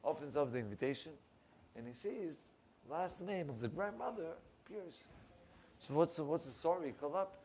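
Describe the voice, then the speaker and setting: A rabbi telling a story, animated and acting out the people in it. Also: male voice, normal speed, slight background noise. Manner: animated storyteller, acts out quoted voices, rising pitch in emotional lines. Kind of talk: storytelling sermon. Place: synagogue.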